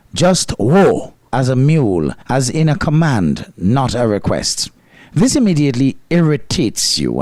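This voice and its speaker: Lively Grenadian man hosting a program. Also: on the high side, no room sound. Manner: wry, lightly sarcastic delivery. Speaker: host. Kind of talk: scripted commentary.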